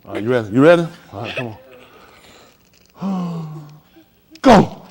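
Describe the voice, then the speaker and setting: A man's voice: fairly high pitch, very animated, unhurried, husky. A man coaching a group class, joking and laughing as he runs practice drills. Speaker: class instructor.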